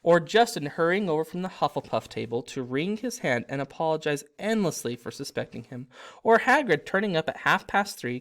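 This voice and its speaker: Man, storybook reading, lively rising and falling pitch, occasional slips and restarts. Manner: animated, with slips and self-corrections. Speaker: narrator and author. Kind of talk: reading a fan parody storybook aloud.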